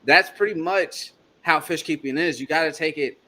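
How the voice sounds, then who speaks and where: A man hosting a casual livestream chat, animated and chatty, laughing often. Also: on the high side, normal speed. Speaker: host.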